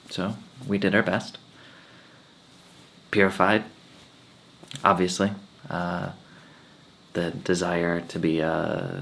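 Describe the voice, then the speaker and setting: A slow-spoken man with a fairly low voice gives a spiritual talk as a swami. He tells personal stories in a relaxed, unhurried way and laughs often along the way. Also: creaky, a little hiss or hum. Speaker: swami giving satsang.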